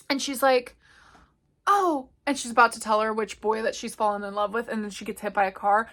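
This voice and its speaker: A young woman chatting casually about a book she read, animated and full of fillers. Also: a little high. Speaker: book reviewer. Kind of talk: casual vlog book review.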